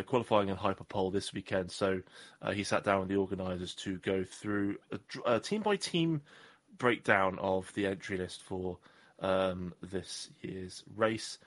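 Guy cohosting a sim racing podcast, lowish voice, loose and chatty, keeps restarting. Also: a bit bright. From Southwest England. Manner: rambling, jokey, trips over words. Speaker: podcast co-host. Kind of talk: casual chat.

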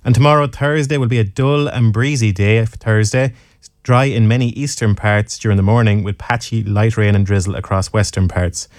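An Irish man reading the weather forecast and introducing a farming radio show in a steady, measured way. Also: lowish voice, dry recording, clean studio sound. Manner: measured, steady broadcast delivery.

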